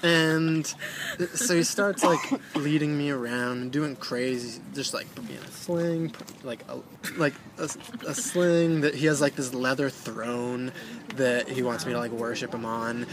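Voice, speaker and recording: A man's voice: medium pitch, steady tone, a little slow, background noise. Rambling young man. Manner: rambling, filler-heavy, profane. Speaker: storyteller guest. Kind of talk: casual storytelling.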